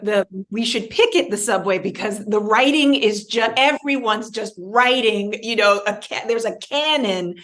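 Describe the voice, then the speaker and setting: A woman, a guest performer in a casual interview, talking in an animated, digressive way with many restarts and asides. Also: medium pitch, unhurried, few pauses. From New York, born in Baltimore.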